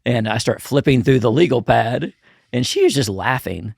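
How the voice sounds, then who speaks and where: A man guest on a podcast, telling his story in a lively casual way, peppered with "you know" and acting out what others said. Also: mid-range voice, moderate pace, creaky, no room sound, clean studio sound. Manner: animated storyteller, acts out quotes with filler "you know". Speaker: guest, camp ministry founder.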